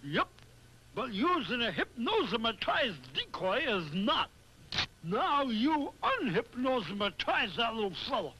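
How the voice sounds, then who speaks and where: A slow, drawling dog lawman for a cartoon. The voice sits very high and bright, with a sing-song lilt, and carries a folksy, dim-witted bluster. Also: very animated, slight background noise, heavily acted, low-quality recording. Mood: indignant. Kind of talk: 1960s TV cartoon voice acting.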